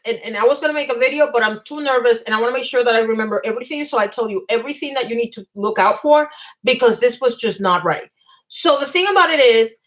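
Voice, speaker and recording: Woman vlogger, fairly high voice, agitated rushed storytelling, stumbles and restarts, live stream from home. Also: fairly bright tone, rough recording. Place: home apartment.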